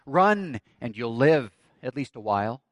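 A man's voice: medium pitch, very animated, a little slow, no room sound, pitched below the performer's own voice. A man preaching a sermon, quoting a defiant rebel leader as he rouses his army, in his own voice. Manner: rousing, declamatory.

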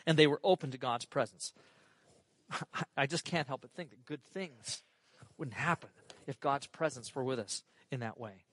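A man preaching an earnest, animated sermon as pastor, reading scripture and exclaiming over it. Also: mid-range voice, moderate pace, pauses often, dry recording.

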